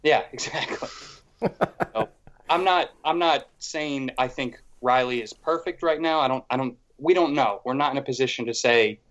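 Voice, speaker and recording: A man's voice: medium pitch, moderate pace. Man, podcast co-host, rambling casual chat, muffled lo-fi sound. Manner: rambling, filler-heavy, animated.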